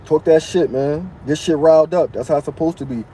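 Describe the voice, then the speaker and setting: A man's voice: fairly high pitch, a little fast, mellow, a little hiss or hum, poor audio. A man hosting a casual live stream, reading viewers' comments aloud and answering them in loose, slangy street talk.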